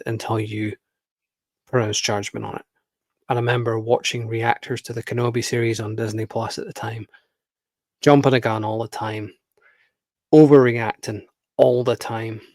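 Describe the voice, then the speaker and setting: A man's voice: mid-range voice, dry recording. Profane, exasperated man ranting to camera. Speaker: video commentator. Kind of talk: casual rant to camera.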